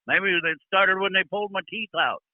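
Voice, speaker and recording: A man playing a gruff, profane older trucker caller with a Southern accent, drawling and touchy. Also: high-pitched, moderate pace, no echo, natural voice. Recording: tinny phone line.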